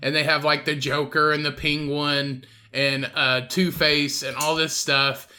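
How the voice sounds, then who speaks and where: A young man with a slightly high, bright voice who tells loose, rambling stories. He swears freely and talks in a relaxed, offhand way as a podcast host. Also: measured pace. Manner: rambling, profane storyteller. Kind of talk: casual chat.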